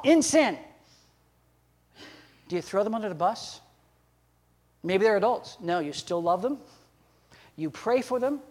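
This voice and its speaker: Older male pastor, high-pitched, folksy preaching with acted-out dialogue. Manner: folksy, laughing asides, acts out dialogue. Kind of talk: sermon.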